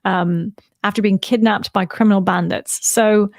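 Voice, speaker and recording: A woman's voice: mid-range voice, steady tone, moderate pace, creaky, no room sound. A woman co-hosting a casual show recap, sharing trivia in an informative, lightly playful way. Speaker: podcast co-host.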